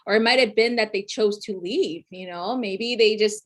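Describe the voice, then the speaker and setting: A woman running a loose weekly zodiac reading, talking in a chatty, profane way. Her speech is packed with filler words and quick laughs, and her pitch sits mid-range for a woman. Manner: laughs often while talking. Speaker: astrology reader.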